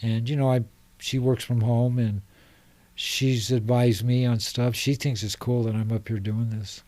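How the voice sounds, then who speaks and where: A man's voice: medium pitch, flat delivery, measured pace, dark tone, no echo. A middle-aged man from Salt Lake City, a podcast guest speaking earnestly and passionately in a loose, rambling way. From Salt Lake City, Utah. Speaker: guest, homeless advocate. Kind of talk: casual podcast conversation. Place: podcast studio.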